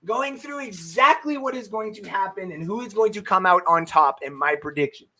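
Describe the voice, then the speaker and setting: A man's voice: high-pitched, expressive, moderate pace, pushed and bright. Brash, hyped-up sports show host man. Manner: brash, hyped, swears freely; reads and answers viewer comments. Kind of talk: live-streamed football talk show. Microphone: webcam setup.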